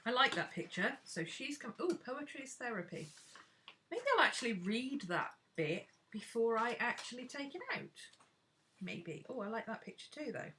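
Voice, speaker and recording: A woman's voice: a little high, animated, normal speed, sharp tone, slight background noise. A woman chatting frankly and casually to her viewers while she works on a craft live stream.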